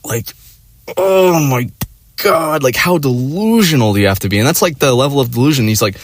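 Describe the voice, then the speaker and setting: A man with a medium-pitched voice talks fast while telling a story in casual conversation. Profanity runs throughout, along with rambling and endless "like" and "you know." He's animated, slipping into quoted voices to act out his friends.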